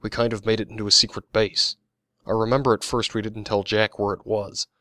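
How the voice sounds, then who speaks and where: Offhand sardonic young dude, narrator doing him, low and dry. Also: male voice, little pitch movement, brisk, sharp tone, no echo. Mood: blunt. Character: young man, blunt and sardonic.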